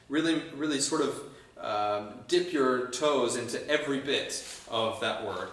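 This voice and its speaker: A man's voice: medium pitch, unhurried, a bit bright. A man conducting a choir rehearsal, explaining the music with frequent ums and restarts. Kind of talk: teaching a choral rehearsal. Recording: very echoey room, distant mic, faint noise.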